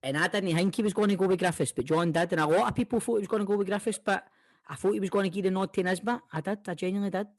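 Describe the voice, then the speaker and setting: A man's voice: high voice, racing. A Scottish man hosting a football podcast, bantering casually and swearing freely. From Scotland. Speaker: podcast host.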